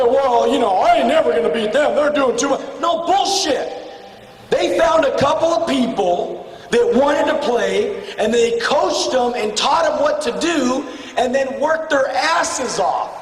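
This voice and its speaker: A man giving a blunt, profane motivational speech to a room of salespeople, swinging between shouting and low, intense tones. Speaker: motivational speaker at a sales retreat. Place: large hall with an audience. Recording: echoey hall from far off with faint ambience.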